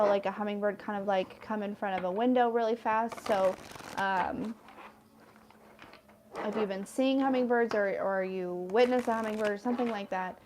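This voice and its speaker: A woman's voice: mid-range voice, darkish tone. A woman in her thirties giving a casual tarot card reading, chatty and rambling with lots of fillers. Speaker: tarot reader.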